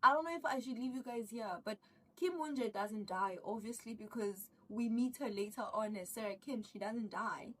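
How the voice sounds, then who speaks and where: A woman casually retelling a drama's plot, excitable and rambling. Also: a little high, normal speed, recorded from a distance, low-quality recording. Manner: excitable, rambling, acts out characters' lines. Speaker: vlogger recapping a drama. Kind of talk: casual storytelling recap.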